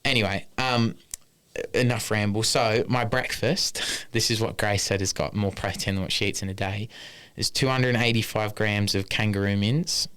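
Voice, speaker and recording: Male podcast co-host, casual and rambling, deep smooth voice. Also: fairly even intonation, normal speed, a bit bright. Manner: rambling, swears casually, lists numbers. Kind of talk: casual chat.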